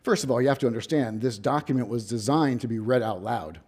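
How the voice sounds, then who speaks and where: Guy professor giving a lecture in a hall, warm mellow voice, storyteller vibe w dry little jokes. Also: medium pitch, fast talker, husky. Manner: wry asides, storytelling emphasis. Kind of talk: academic lecture.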